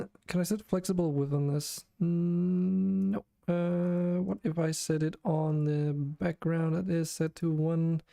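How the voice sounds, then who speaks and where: An exhausted man streaming game development, thinking aloud in a monotone, muttering to himself as he works through problems. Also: on the high side, a little slow, gravelly. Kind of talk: thinking aloud while coding.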